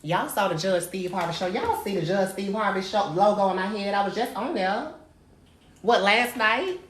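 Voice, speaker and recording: A woman's voice: mid-range voice, expressive, normal speed. A woman hosting her own livestream, delivering a brash, profane, sassy rant to viewers and calling everyone darling. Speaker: livestream host. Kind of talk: live-stream rant to viewers. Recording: roomy echo, faint noise.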